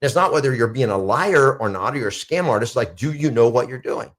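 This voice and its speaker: A man's voice: mid-range voice, lively intonation, a little fast, fairly bright tone. A middle-aged man coaching real estate agents in an emphatic motivational talk, repeating declarations with rising intensity.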